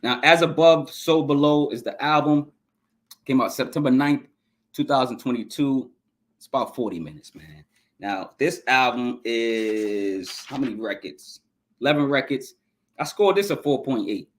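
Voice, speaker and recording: Guy hyped up on music, talks loose and rambly, mid-pitched voice, keeps repeating himself. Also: lively intonation, moderate pace. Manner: enthusiastic, rambling, repeats himself, stumbles over names. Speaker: podcast host ranking albums. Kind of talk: casual album review monologue.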